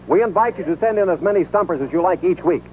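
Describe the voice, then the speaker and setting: A man announcing the show's prizes and rules in a smooth, measured, scripted delivery. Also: high-pitched, expressive, darkish tone, slight background noise, low-quality recording.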